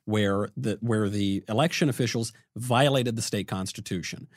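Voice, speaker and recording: A man hosting a political podcast, setting up questions for his guest in an animated, conversational way. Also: lowish voice, normal speed, no room sound, studio quality. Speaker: podcast host. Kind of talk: casual political podcast talk.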